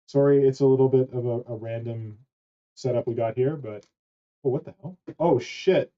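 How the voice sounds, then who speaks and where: A man's voice: medium pitch, steady tone, moderate pace, mellow. A man hosting a casual online chat, rambling and swearing casually. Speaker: host. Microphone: wrong mic. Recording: dull lo-fi mic.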